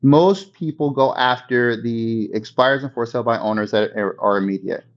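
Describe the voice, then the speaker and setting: A man talks through real estate coaching in a loose, conversational way, checking in with his listeners as he goes. His voice sits at a middling pitch. The recording is dull and lo-fi. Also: moderate pace. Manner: conversational, checks in with 'okay?' and 'right?'. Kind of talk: coaching talk.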